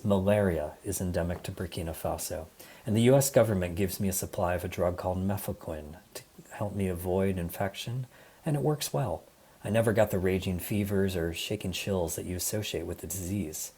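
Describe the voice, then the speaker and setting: A man with a Midwestern American accent gives a prepared talk, earnest and steady as he tells a story. His voice sits low and sounds mellow and dark. He speaks over a video call. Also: moderate pace, breathy edge. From Michigan, USA. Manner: earnest, storytelling, with occasional fillers. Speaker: guest speaker.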